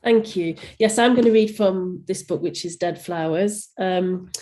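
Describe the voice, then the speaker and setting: A woman's voice: on the low side, a little slow, mellow, low-quality recording. A woman from Nottingham, an author reading aloud from her own novel at an online event. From England.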